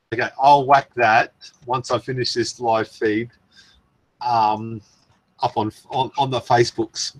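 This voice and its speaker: A man's voice: medium pitch, a bit bright. A man hosting a casual live stream, rambling and chuckling as he goes through viewer comments. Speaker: channel host.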